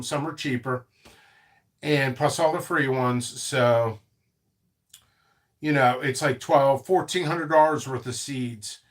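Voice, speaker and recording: Fairly high in pitch, a man's voice carries a casual live stream about the seed business he runs. He's animated and rambling, with frequent restarts and tangents.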